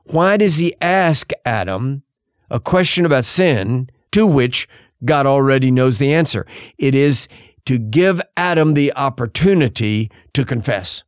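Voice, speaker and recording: A man preaching a sermon in an earnest voice, pausing for effect and quoting scripture in old-fashioned wording. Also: mid-range voice, lively intonation, smooth, dry recording, clean studio sound.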